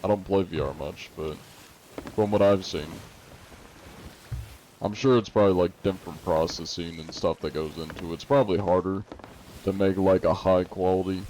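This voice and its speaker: Laid-back low-voiced male streamer. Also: steady tone, moderate pace, long pauses, darkish tone, slight background noise, low-quality recording. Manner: laid-back, rambling with fillers. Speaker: game streamer. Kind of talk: casual live-stream chat, reading chat questions.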